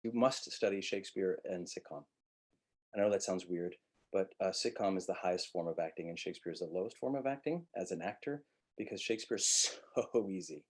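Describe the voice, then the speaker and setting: A male acting teacher gives a webinar lecture in a husky, slightly breathy voice. He talks bluntly and drops profanity freely. He breaks into short acted-out lines of dialogue to make his points. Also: deep voice. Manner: blunt, profane, animated, acts out quick quotes.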